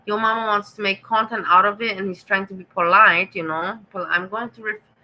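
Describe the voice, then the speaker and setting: Bright-voiced German-accented woman streamer. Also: medium pitch, steady tone, brisk, rough recording. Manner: sarcastic, teasing, talks straight to chat. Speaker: livestream host reading chat. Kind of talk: casual livestream chat.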